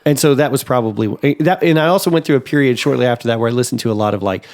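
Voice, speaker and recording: A man co-hosting a podcast in a casual chat, rambling through thoughts with lots of fillers and restarts and jumping up in pitch when he gets excited. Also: racing. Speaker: podcast co-host.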